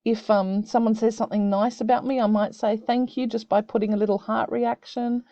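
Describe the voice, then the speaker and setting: A woman who teaches young students, explaining a video-call tool step by step in a gentle, encouraging way. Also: a little high, flat delivery, brisk, no room sound, lo-fi sound. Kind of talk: screen-recorded tutorial for children. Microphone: computer mic on a video call.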